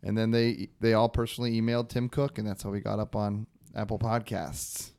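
A man's voice: on the low side, flat delivery, fairly quick, gravelly, a little mellow, clear, resonant tone. A man co-hosting a podcast, chatting casually and tossing out dry joking asides. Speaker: podcast co-host. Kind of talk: casual chat.

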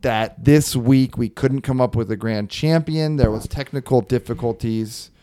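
A man's voice: mid-range voice, moderate pace, dark tone. A man co-hosting a casual podcast, joking around and reading comic strips aloud. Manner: wry, jokey, reads comic strips aloud. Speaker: podcast co-host. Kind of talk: casual chat.

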